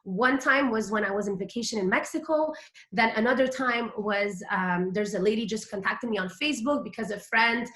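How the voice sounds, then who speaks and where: A woman's voice: mid-range voice, moderate pace, a bit bright, roomy sound. A woman in her thirties with a Quebec French accent, a native French speaker, giving a chatty, hyper motivational business talk as a guest speaker, full of fillers.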